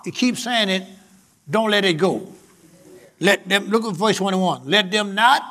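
A high-pitched male preacher, delivering a sermon. He repeats his phrases, builds up the emphasis and calls out to the congregation as he goes. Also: pushed and bright. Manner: preaching with swelling emphasis and repetition, calling out to the congregation. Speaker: pastor.

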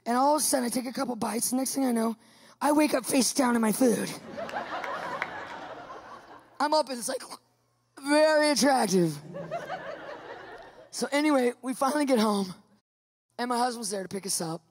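A woman tells her personal testimony with lively energy, laughing often and acting out other people's voices. Her speaking voice sits a little high. Her storytelling is casual and expressive. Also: moderate pace, long pauses, noisy background. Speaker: guest giving a testimony.

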